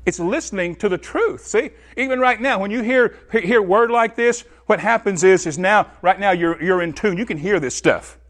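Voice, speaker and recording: A man preaching a sermon, animated, swinging from loud high bursts to low quiet asides, talking straight to his congregation.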